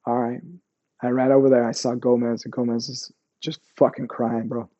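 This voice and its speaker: A male army veteran recounting war memories in an interview. His voice is mellow and warm at a middle pitch, and his telling is raw and profane, with many restarts and sudden quiet drops. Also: level tone, lo-fi sound. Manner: profane, halting, restarts often, lowers voice on painful memories. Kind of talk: candid interview storytelling.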